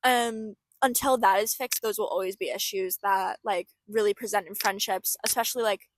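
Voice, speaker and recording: A woman's voice: mid-range voice, steady tone, moderate pace, no echo. A young woman co-hosting a casual chat, reflective and full of "like" fillers. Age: young adult. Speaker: podcast co-host.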